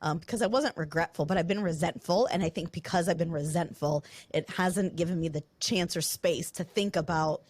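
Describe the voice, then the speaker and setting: A woman hosting a podcast, speaking candidly and close to tears, rushing through her thoughts in quick bursts. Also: on the low side, darkish tone, no echo. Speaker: podcast host. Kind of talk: emotional podcast conversation. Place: studio building.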